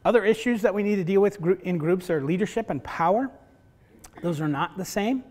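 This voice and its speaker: A man's voice: sits high, fairly quick, darkish tone. A middle-aged man lecturing a class in a conversational way, often asking "right?" and acting out family stories. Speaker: university professor teaching facilitators.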